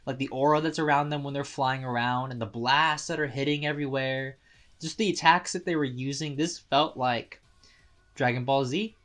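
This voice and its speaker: A man casually recapping and reviewing an anime episode, excitable, laughing often and restarting his sentences. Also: mid-range voice, normal speed.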